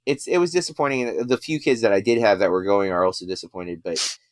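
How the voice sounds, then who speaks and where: A man's voice: fairly low pitch, quick pace, no room sound. A man co-hosting a podcast, chatting casually with lots of fillers and restarts. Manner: rambling, many fillers and restarts. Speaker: podcast co-host.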